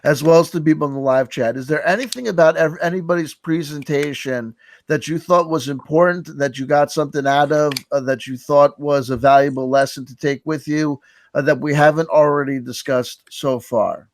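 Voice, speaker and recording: A man's voice: on the high side, fairly even intonation, normal speed. Sarcastic man giving a mock lecture. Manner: mock-earnest, sarcastic, repeats words. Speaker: host running a mock workshop. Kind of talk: sardonic mock-lecture on a live stream.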